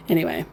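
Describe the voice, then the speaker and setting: A woman recounting a chat with a scammer in a casual, amused storytelling manner, often laughing. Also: dark tone. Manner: slow, amused, reads out quotes with laughs.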